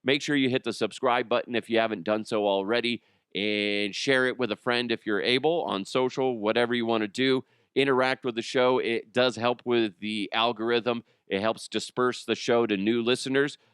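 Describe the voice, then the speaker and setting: A man hosting a comedy podcast, talking in a rambling, jokey way and slipping into quick impressions. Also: mid-range voice, fairly even intonation, fairly bright tone, clear, resonant tone, no echo, studio quality. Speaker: podcast host. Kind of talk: casual comedic monologue.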